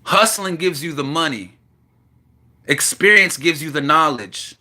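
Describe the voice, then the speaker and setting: A man's voice: fairly high pitch, a little slow, sharp tone. A man venting in an impassioned, profane monologue to the camera. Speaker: vlogger.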